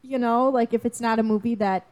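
A woman with a voice pitched slightly high, chatting on a podcast. She reacts with big, dramatic exclamations and pokes fun at herself. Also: fairly even intonation, brisk, darkish tone. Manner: dramatic, self-mocking exclamations. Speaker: podcast co-host. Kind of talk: casual chat.

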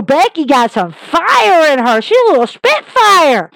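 A woman's voice: high-pitched, measured pace, vocal fry, few pauses, no echo, rough recording. Emphatic woman recapping with a dry sound. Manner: animated, emphatic, repeats points for stress. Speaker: wrestling recap podcaster. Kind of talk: casual opinionated recap.

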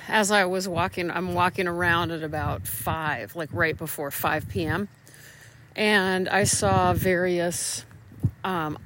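A woman's voice: on the low side, fairly bright tone, slight background noise. A woman hosting a casual solo podcast from a small room at home, rambling and self-deprecating, a little stuffy from allergies. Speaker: podcast host.

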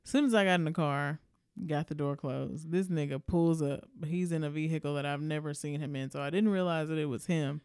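A woman from Alabama, co-hosting a podcast, tells a story in a casual, animated and profane way, acting out the lines of the other people in it. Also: deep voice, fairly quick, clear, resonant tone, dry recording, clean studio sound. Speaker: podcast co-host. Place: indoor podcast studio.

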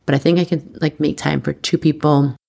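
A woman's voice: deep voice, little pitch movement, fairly quick, gravelly, mellow. A woman hosting a casual solo podcast as an astrologer, candid and chatty with lots of fillers, teary and close to crying, recording at home.

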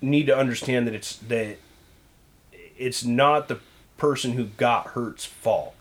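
A man's voice: medium pitch, slow pace. A middle-aged man co-hosting a casual talk show, earnest and conversational, talking through how parents handle their kids. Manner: earnest, conversational, frequent fillers. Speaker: podcast co-host. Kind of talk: casual chat.

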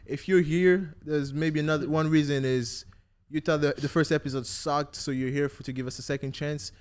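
Young male podcast host, slightly high voice, rambling and jokey. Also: steady tone, normal speed, smooth. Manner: joking, rambling. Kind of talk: casual chat.

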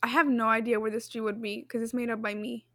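A woman's voice: fairly high pitch, level tone, fast, sharp tone, dry recording, clean studio sound. A woman co-hosting a casual podcast chat, rambling with fillers and restarts and laughing easily. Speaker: podcast co-host reading the quiz.

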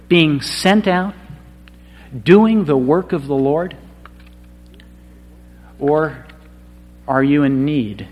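A man preaching a sermon, with a dramatic delivery that swings from hushed passages to loud, emphatic cries. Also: a little high. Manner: slow, dramatic delivery swinging from quiet to shouted. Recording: long hall reverb.

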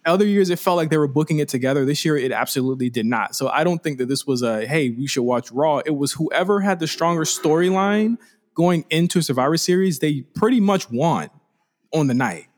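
Animated man chatting on a podcast. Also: on the high side, brisk. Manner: animated, repeats words when starting sentences. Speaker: podcast co-host. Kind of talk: casual wrestling podcast chat.

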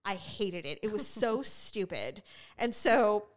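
A middle-aged podcast co-host with a medium-pitched voice talks a little slowly as she tells stories in casual chat. Animated throughout, she reenacts what people said and laughs a lot.

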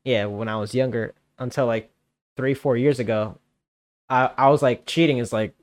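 A man's voice: mid-range voice, steady tone, normal speed, dry recording. A young adult man co-hosting a casual podcast chat, speaking reflectively with frequent hesitant restarts. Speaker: podcast co-host.

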